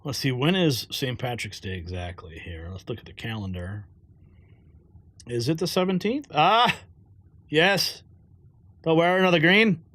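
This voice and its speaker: A man's voice: medium pitch, animated, measured pace, long pauses, fairly bright tone, dry recording. A man hosting a political news show, talking casually and joking between segments. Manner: joking, chatty asides.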